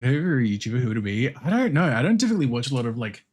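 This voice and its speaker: An Australian man talking on a livestream in relaxed, rambling chat. His pitch swings around in an animated way, and he swears casually and laughs often. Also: very fast. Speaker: streamer.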